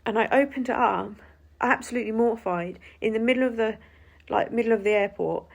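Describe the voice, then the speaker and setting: A woman's voice: fairly high pitch, fairly quick, gravelly. A woman telling an indignant story to camera, swearing freely and acting out what was said. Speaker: vlogger.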